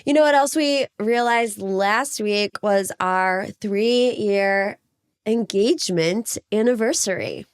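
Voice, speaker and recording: A young woman co-hosting a casual chat, animated and teasing, laughing often. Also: medium pitch, takes it slowly, clean tone. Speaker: podcast co-host.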